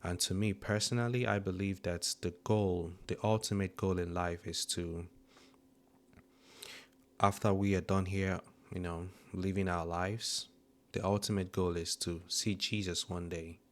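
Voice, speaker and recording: Deep, unhurried male host; earnest and a little choked up as he reflects. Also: steady tone. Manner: slow, earnest, hesitant with fillers. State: emotional. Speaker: channel host. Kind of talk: reflective commentary introducing a video.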